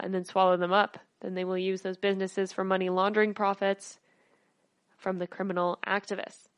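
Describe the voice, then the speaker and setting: Woman host with a slightly slurred, gravelly voice. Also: medium pitch, dry recording. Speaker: podcast host. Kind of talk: reading news stories aloud.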